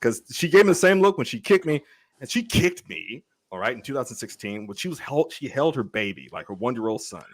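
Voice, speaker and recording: A man's voice: mid-range voice, big pitch swings, a little fast. A man guest telling a casual anecdote, stammering and acting out the people he quotes. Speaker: guest author. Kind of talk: casual storytelling.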